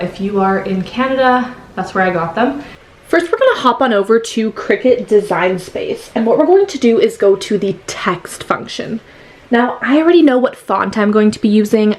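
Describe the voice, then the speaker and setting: A woman's voice: medium pitch, echoey room, poor audio. A woman hosting a craft tutorial, walking through steps in a chatty, friendly way. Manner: chatty, friendly, recommends products. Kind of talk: casual step-by-step tutorial voice-over.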